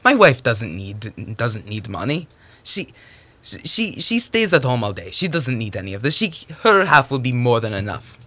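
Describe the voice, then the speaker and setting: A man's voice: mid-range voice, big pitch swings, normal speed, pushed and bright. A man voicing a stubborn, stingy schoolteacher husband who stammers and bursts out indignantly. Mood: fretting.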